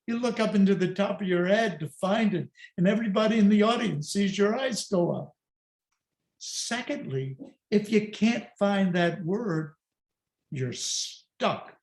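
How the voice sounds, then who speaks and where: A man's voice: sits high, animated, a little slow, darkish tone. A man giving an online presentation as a speaker coach, talking conversationally with emphatic, self-deprecating asides, recorded at home on a video call. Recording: roomy echoey room.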